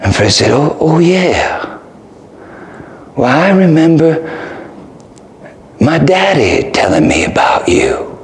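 A man, a preacher, telling a story in a sermon in an animated voice that swings high and low. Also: takes it slowly, pauses often. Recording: roomy hall with faint ambience.

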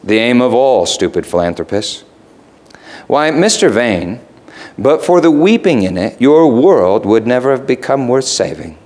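A man's voice: medium pitch, very animated, unhurried, a little mellow. A man reading aloud and voicing Mister Raven, a stern, wise male raven who rebukes and repeats his points with emphasis. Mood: rebuking.

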